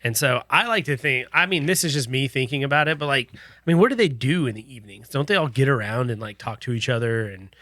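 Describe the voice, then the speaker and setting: A man with a bright, forceful tone who thinks aloud and fills his speech with "like" during a casual podcast talk. His pitch is middle and the sound is dry and close. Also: expressive, quick pace, no echo. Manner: thinks aloud, heavy use of "like". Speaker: podcast co-host. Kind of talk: casual Bible discussion.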